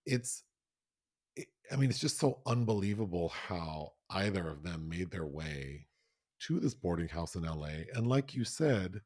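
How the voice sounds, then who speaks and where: A man co-hosting a film review chat in a fairly low voice, swinging between laughter and mock outrage. The recording is dry and close, with no room sound. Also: a little slow, no room sound. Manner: animated, laughing, exaggerated outrage. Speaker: podcast co-host.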